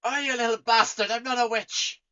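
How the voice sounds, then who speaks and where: A man's voice: very high-pitched, fairly even intonation, brisk, bright, forceful tone, clean tone, voice pushed up, exaggerated voice. A man voicing a boisterous, bloodthirsty woman tavern keeper in a tabletop game. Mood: indignant. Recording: dull lo-fi sound.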